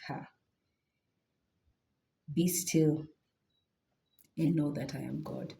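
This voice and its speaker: A woman reading scripture aloud with expressive delivery and casual asides of her own. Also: deep voice, drawn-out words, gravelly, long pauses, a little hiss or hum. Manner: expressive, animated, adds comments and affirming hums. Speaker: Bible reader.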